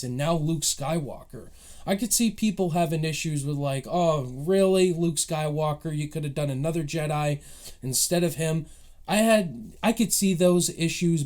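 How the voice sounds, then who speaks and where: A man's voice: medium pitch, a little mellow. A man giving a casual spoken review of a TV episode, recapping plot beats with eager, emotional enthusiasm. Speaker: movie reviewer.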